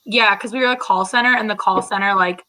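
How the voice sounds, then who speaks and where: A woman's voice: medium pitch, fairly even intonation, fast, pushed and bright, a little hiss or hum. A Canadian woman chatting casually with friends on a video call, telling jokey stories. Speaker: co-host. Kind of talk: casual group chat over video call.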